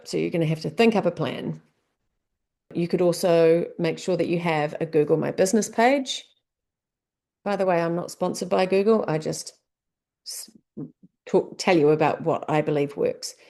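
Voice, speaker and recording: A woman's voice: on the low side, gravelly, warm tone. A woman with a New Zealand accent presenting a business tips lesson, talking through questions in a conversational way. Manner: conversational, asks many rhetorical questions.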